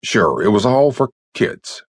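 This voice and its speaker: A man voicing a nervous, muddled male FBI chief who turns fretful and sharp, in a storybook reading. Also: lowish voice, expressive, a little slow, no room sound, studio quality, pitched above the performer's own voice. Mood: brooding.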